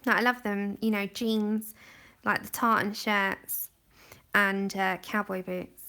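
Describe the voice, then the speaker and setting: A woman's voice: mid-range voice, little pitch movement, takes it slowly, bright, forceful tone, clear, resonant tone. A young woman chatting and giggling as she colours on a livestream, talking into a camera set close in front of her face. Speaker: livestream host. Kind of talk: casual chat while colouring. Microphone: camera just in front of her face.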